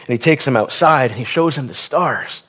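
A man's voice: medium pitch, moderate pace, a bit bright, slightly rough. A man preaching a sermon in a conversational style, with wry asides and questions to the congregation.

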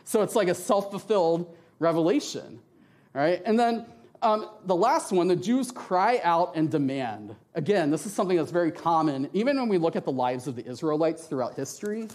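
A man's voice: a little high, normal speed. A man preaching a sermon with slides in a church, talking in a conversational way, often tagging his sentences with "right?" and acting out the voices in his quotes. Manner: lively, animated, acts out voices in quotes. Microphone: handheld mic.

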